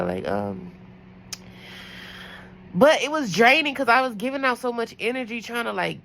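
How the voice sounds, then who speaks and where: A young adult woman, a night nurse, chatting casually about a work shift and acting out quotes in higher voices. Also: fairly quick, fairly bright tone, slight background noise, rough recording. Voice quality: gravelly. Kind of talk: casual storytelling.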